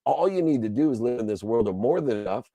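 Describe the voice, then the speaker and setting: A man's voice: medium pitch, expressive, quick pace, dark tone, dry recording. A man giving a motivational speech, emphatic and preachy, stacking repeated lists and phrases. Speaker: motivational speaker.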